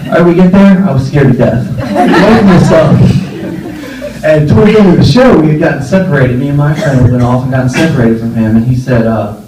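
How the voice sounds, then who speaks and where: A man's voice: a little high, brisk. Young man giving a rambling eulogy in a very echoey room. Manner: rambling, fond storytelling with fillers and laughs. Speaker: eulogy speaker. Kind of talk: informal memorial speech. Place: memorial gathering room. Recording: echoey room, voice far from mic, faint noise.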